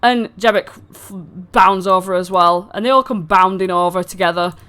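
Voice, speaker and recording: A woman's voice: medium pitch, fairly quick, fairly bright tone, clean tone. A woman running a tabletop fantasy game, narrating in a chatty way with many fillers and restarts. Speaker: dungeon master.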